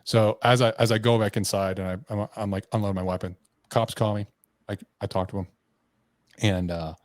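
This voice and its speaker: A man's voice: fairly low pitch, steady tone, brisk, no room sound. A man guest on a podcast, candidly telling a personal story in a blunt, profane way, full of restarts and slang.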